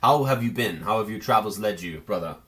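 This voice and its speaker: A man's voice: lowish voice, expressive, brisk, a bit bright. A man doing a devout paladin leader. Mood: welcoming. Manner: formal, pious speech with frequent ums. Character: earnest male paladin leader, warm and devout.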